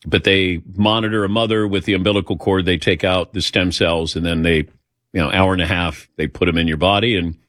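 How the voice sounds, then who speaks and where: A man's voice: deep voice, fairly even intonation, brisk, fairly bright tone, no room sound, studio quality. A middle-aged man hosting a talk show, telling a personal story in a rambling, anecdotal way and acting out the dialogue.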